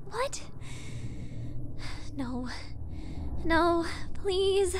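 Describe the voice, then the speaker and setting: A woman's voice: very high-pitched, lively intonation, extremely slow, slight background noise, full character voice. A woman voicing a frightened teenage schoolgirl in a fan game dub, talking anxiously to herself. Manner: anxious, breathless self-talk.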